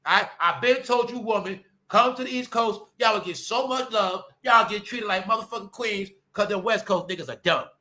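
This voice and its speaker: A man, ranting bluntly on his commentary channel, jumping from loud outbursts to low mutters. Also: moderate pace, hardly any pauses. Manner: loud, blunt and swinging between shouting and muttering.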